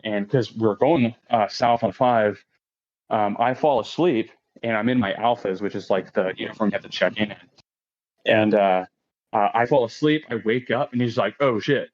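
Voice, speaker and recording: This podcast guest, a man in his late thirties, has a lowish voice and a normal speaking speed. Laughing frequently, he tells a profane story casually and raises his voice to act out quotes; the recording is dull and lo-fi.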